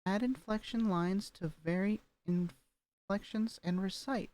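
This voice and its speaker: Streaming as a vtuber from her home room, this voice training student works through her homework on a webcam mic. Her voice is medium-pitched, slow and somewhat dark. She talks casually, fills her speech with fillers, and runs practice sentences again and again with rising and falling intonation.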